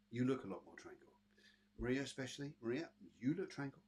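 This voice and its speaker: Fast and animated, a British host of a live online psychic show talks in a medium-pitched voice that is husky and a little mellow. He keeps things casual, greeting viewers by name, giving readings and filling his speech with fillers.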